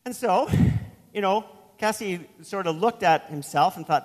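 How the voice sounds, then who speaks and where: A man's voice: high voice, expressive, a little slow, in a large hall. A man preaching a sermon as pastor, telling a story in a conversational way with asides.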